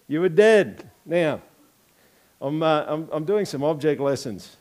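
A man's voice: fairly high pitch, expressive, normal speed, darkish tone. A man with an Australian accent preaching a conversational sermon, joking and throwing rhetorical questions at the congregation during an object lesson. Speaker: pastor.

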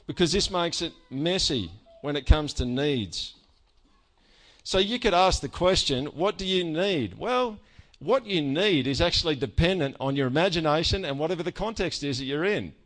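A man preaching a sermon in a conversational way, often checking in with "all right?" and joking about himself. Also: on the high side. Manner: animated with self-mocking humor. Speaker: pastor.

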